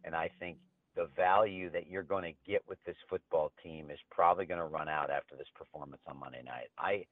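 A man's voice: rumbling low, steady tone, fairly quick, no room sound. A man talking sports betting in a brash, joking, trash-talking way. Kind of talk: casual betting talk. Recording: tinny phone-line sound.

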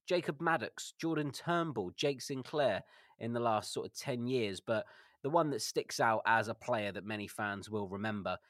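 A man's voice: mid-range voice, moderate pace, fairly bright tone, no room sound, clean studio sound. A man co-hosting a football podcast, thoughtful and hesitant, full of fillers. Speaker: podcast co-host. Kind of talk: casual chat.

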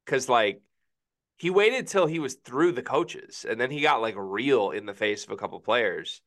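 A man's voice: medium pitch, animated, normal speed, a bit bright. A young man co-hosting a casual sports podcast, thoughtful and hedging, often saying he isn't sure. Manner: hedging, thoughtful, many "I don't know"s. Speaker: podcast co-host.

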